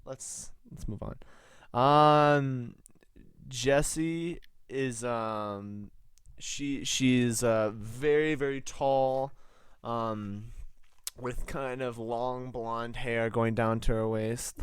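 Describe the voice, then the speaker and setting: A man's voice: mid-range voice, fairly even intonation, extremely slow, clean tone, no echo, clean studio sound. A young man running a tabletop game as game master, joking and laughing in a casual chat.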